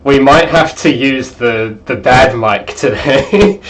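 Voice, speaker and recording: A man's voice: medium pitch, slow, rough recording. Chatty young man on a headset mic. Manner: chatty, excitable, apologetic. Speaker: game developer streamer. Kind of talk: casual livestream chat. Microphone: cheap gaming headset mic.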